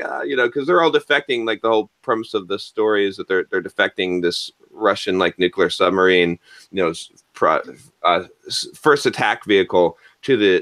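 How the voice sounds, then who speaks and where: Low-voiced rambling podcast host man. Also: a bit bright, no echo. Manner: rambling, filler-heavy storytelling. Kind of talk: casual chat.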